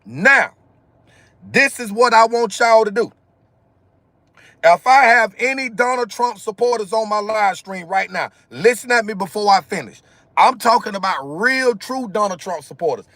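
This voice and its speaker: A man's voice: high voice, expressive, normal speed, bright, forceful tone, no echo. A man live-streaming from his car on a phone, talking straight to his viewers in a repetitive, emphatic rant. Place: in a car, outdoors in sunlight. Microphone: phone camera.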